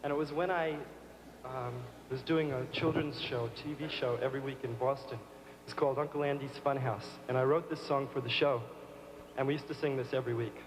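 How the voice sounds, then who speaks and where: A man's voice: medium pitch, fairly even intonation, a little fast. A man performing live on stage, coaxing the audience into a sing-along with a childlike manner. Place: large concert hall stage. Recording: live concert hall recording with long reverb.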